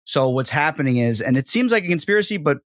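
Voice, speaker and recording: A man's voice: a little high, very animated, fast talker, fairly bright tone, no echo, clean studio sound. A man from the United States hosting an interview podcast, rambling and repeating himself with lots of "like". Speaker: podcast host. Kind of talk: casual interview chat.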